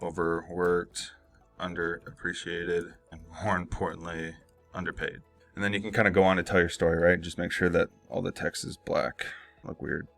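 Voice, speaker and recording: A man's voice: sits low, level tone, normal speed, vocal fry, fairly bright tone, soft background music. A young man walking through an email marketing tutorial in a loose, rambling way, full of fillers and self-corrections. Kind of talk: casual screen-share tutorial.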